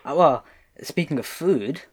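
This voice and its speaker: A man's voice: fairly high pitch, animated, a little slow, breathy edge. A man on a casual podcast, rambling and hedging with lots of fillers. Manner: rambling, hedges with many fillers. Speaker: podcast co-host. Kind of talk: casual chat.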